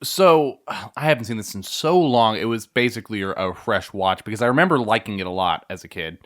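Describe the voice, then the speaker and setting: A man's voice: lowish voice, expressive, brisk. A man co-hosting a film podcast, talking casually in a reflective, hesitant way with fillers. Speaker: podcast co-host. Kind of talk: casual chat.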